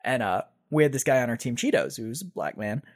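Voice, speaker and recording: A man's voice: medium pitch, animated, brisk. A young man co-hosting a podcast, telling stories in a laid-back casual chat and swearing. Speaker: podcast co-host.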